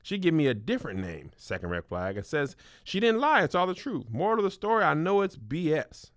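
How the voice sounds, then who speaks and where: Brief: male comedy advice host, very lively pitch, bright, dry studio sound, reads letters then riffs. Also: brisk, dry recording. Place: small studio.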